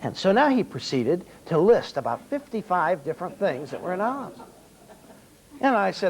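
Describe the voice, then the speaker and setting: A man's voice: fairly high pitch, very animated, a little fast, low-quality recording. A man giving a seminar lecture on restaurant service, telling wry anecdotes and acting out the quoted dialogue.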